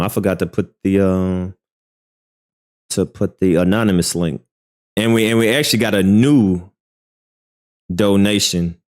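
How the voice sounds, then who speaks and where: A man's voice: on the low side, darkish tone. A man hosting a casual livestream news commentary who hedges his claims and keeps repeating "all right.". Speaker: commentary channel host.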